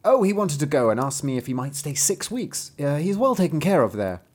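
A man's voice: fairly high pitch, big pitch swings, brisk, a little mellow, voice pushed up. Man voicing a coolly scheming storybook mother. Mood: soothing. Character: cold, scheming fairy-tale mother.

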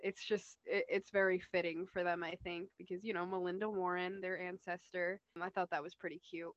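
A young woman co-hosts a podcast, chatting in a relaxed, casual way about a TV episode, giggling and using fillers. Her voice is lowish with little pitch movement and a brisk pace, and the audio is dull with no room sound.

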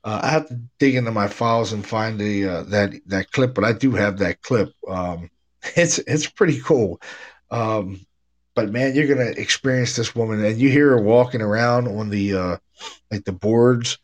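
A man's voice: lowish voice, normal speed. Laid-back man telling ghost stories. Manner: laid-back storytelling, says "man" and "dude" a lot. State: stuffy nose. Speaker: podcast host, paranormal investigator. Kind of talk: casual chat.

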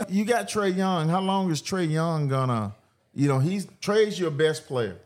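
A man's voice: on the high side, lively intonation. A man hosting a sports podcast at a car show, chatting casually and laughing often. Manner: laid-back, laughs often, drawn-out fillers. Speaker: podcast host.

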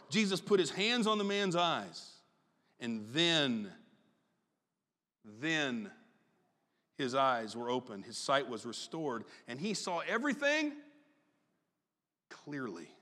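A man preaching a sermon as pastor, folksy and conversational with quick asides. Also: high-pitched, sing-song, sharp tone. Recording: long reverb in a large hall.

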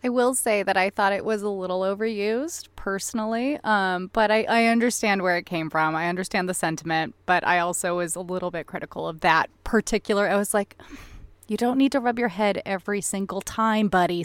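A woman's voice: on the low side, fairly bright tone, no echo. A woman in her thirties co-hosting a casual film podcast, chatty, laughing often and acting out quotes. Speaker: podcast co-host.

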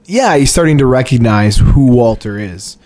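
A man's voice: mid-range voice, lively intonation, moderate pace, darkish tone. A man co-hosting a podcast, laid-back and swearing freely as he chimes in on a TV recap. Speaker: podcast co-host. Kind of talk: casual chat.

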